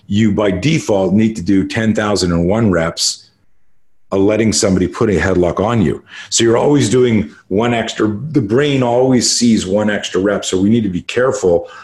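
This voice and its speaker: A man in his sixties from Canada, a martial arts instructor telling stories in a podcast interview, swearing freely and talking with emphasis. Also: fairly low pitch. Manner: profane, emphatic storyteller. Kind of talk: conversational interview storytelling.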